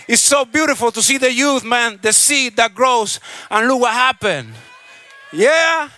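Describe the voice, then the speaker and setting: Man from Chile, festival MC, very high and bright voice, slow shouted call-outs, handheld stage mic, outdoor stage. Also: lively intonation. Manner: shouted hype call-outs, preachy blessings. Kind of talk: live stage announcing.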